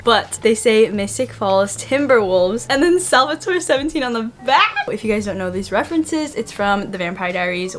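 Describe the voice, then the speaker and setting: A woman's voice: medium pitch, slight background noise. A woman vlogging her day in casual chat, with lots of "like" fillers and giggles, filmed on a handheld camera at home. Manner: chatty, many "like" fillers, giggly. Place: home, then in a car.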